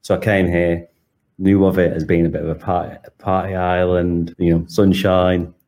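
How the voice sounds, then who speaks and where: Manchester man, low mellow voice, chatty guest on a call. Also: level tone, moderate pace. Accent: Manchester English. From Manchester, England. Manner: chatty, laughs often. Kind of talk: casual conversation.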